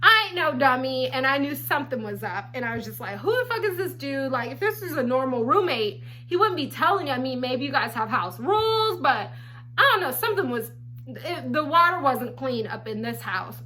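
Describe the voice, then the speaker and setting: A woman telling a personal story on her vlog in a blunt, profane, animated way. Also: sits high, normal speed, a little hiss or hum. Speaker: storytelling vlogger. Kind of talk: casual storytime.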